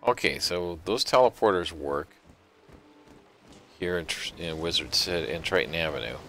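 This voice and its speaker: Deep, lively-voiced man gaming. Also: moderate pace, soft background music. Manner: easygoing, humming and musing aloud. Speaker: gamer co-playing online game. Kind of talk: casual gameplay chat.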